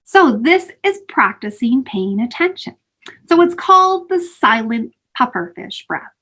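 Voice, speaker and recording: Animated woman teaching kids to breathe. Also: a little high, a little slow. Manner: animated, sing-song, calls kids sweethearts. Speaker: mindfulness teacher. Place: home, virtual session. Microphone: video call.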